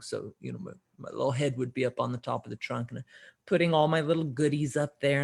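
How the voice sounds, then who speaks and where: Middle-aged woman telling a lively personal story. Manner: lively, acts out quoted dialogue with shifts in pitch and loudness; laughs often while telling her story. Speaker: podcast guest. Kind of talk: personal storytelling in a podcast conversation.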